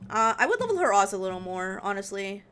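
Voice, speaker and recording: A woman's voice: mid-range voice, very animated, fast talker, fairly bright tone, clear, resonant tone. A young woman streamer giving casual game advice, thinking aloud with lots of fillers. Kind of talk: casual game guide commentary on a live stream. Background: background music and keyboard typing.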